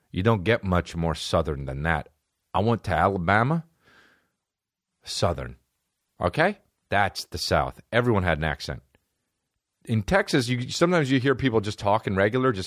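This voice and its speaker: Lively, low-voiced man hosting a comedy podcast. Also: moderate pace, no echo, studio quality. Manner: profane, rambling, animated. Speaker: podcast host. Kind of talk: casual comedic monologue. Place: podcast studio.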